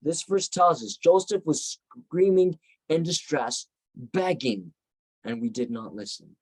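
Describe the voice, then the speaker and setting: Slow-paced man teaching Bible study. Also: on the high side, expressive, no room sound, low-quality recording. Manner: slow, reflective, retelling with restarts.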